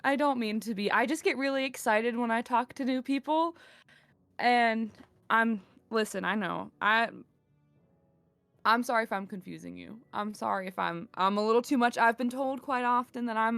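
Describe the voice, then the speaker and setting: Woman playing a rambling, excitable circus leader. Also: a little high, normal speed, vocal fry, smooth, no echo. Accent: slips into a southern twang. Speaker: player. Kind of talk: in-character tabletop role-play.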